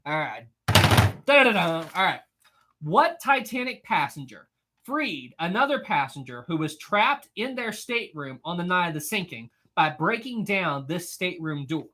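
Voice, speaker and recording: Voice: medium pitch, sing-song, normal speed, bright, forceful tone. A live-stream trivia host who reads out viewers' answers in casual chat, upbeat, laughing often and repeating praise and questions.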